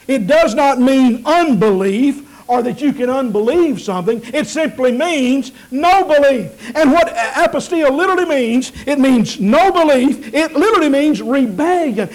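A man preaching a sermon, building to emphatic peaks and then dropping low and quiet. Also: lively intonation, measured pace, hardly any pauses, low-quality recording. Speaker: pastor.

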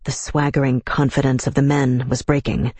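A man narrating an audiobook in a measured, even manner. His voice is husky and mid-pitched, recorded dry and close on a studio mic. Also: dry recording.

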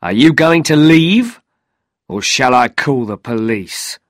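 A man's voice: mid-range voice, expressive, slow pace, no echo, clean studio sound. A man voicing an angry man from a building firm in a storybook reading, curt and threatening.

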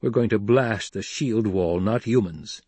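A man reading an audiobook, voicing a young male desert war leader in a firm, measured, authoritative way. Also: on the low side, darkish tone, husky, no room sound. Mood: commanding.

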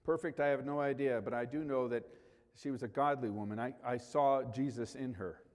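A man's voice: mid-range voice, brisk, a little mellow, long reverb tail. A male pastor preaching a sermon in a conversational way, rising sharply for emphasis.

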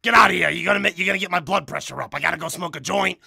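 A man putting on a hotheaded, foul-mouthed office worker who yells and curses at a coworker. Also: high-pitched, racing, creaky, husky, no room sound, studio quality, heavily acted. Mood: angry yelling. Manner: yelling, cursing, aggressive.

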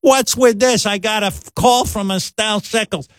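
A woman's voice: medium pitch, moderate pace, dry recording, clean studio sound, voice pushed up, natural voice. A man voicing an exasperated mother who screams indignantly at her teenage son. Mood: scolding.

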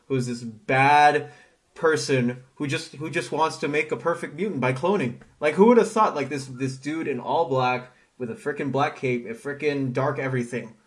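A man co-hosting a casual comic book podcast, animated, acting out characters' lines as he retells scenes. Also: mid-range voice. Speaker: podcast co-host.

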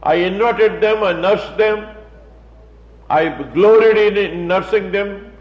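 A man's voice: sits high, takes it slowly. A man preaching a sermon, emphatic and repetitive, with mocking asides. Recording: dull, echoey room sound.

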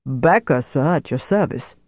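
A man's voice: fairly high pitch, expressive, a little slow, no echo. A man reading the part of a short, pudgy male sergeant in an audiobook, curt and deferential to his superior.

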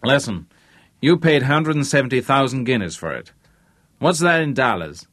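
A man's voice: medium pitch, animated, moderate pace, fairly bright tone, dry recording, clean studio sound, voice pushed up. A man voicing a brash, pushy businessman who barks his demands. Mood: brusque. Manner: barking, brusque.

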